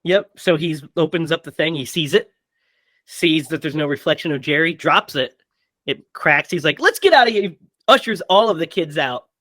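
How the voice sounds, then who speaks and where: A man co-hosting a casual movie podcast, retelling scenes with quick quoted character lines. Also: a little high, pushed and bright, no room sound, studio quality. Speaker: podcast co-host.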